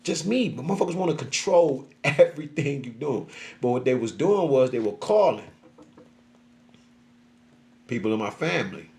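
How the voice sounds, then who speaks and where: A man's voice: medium pitch, lively intonation, normal speed, pauses often, darkish tone. A middle-aged man venting in a casual, profane monologue, often acting out what other people said to him. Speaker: social media creator.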